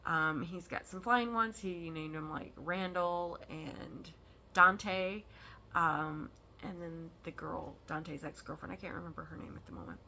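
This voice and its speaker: Bright-voiced chatty woman vlogging. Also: lowish voice, measured pace, vocal fry, slight background noise. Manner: chatty, rambling, with frequent ums and laughs. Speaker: stitching vlog host. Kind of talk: casual chat.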